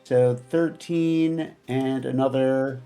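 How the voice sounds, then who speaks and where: A man playing a tabletop game, thinking aloud in a hesitant way with many pauses. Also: medium pitch, steady tone, dark tone, faint music behind. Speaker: player. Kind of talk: tabletop game play over voice chat.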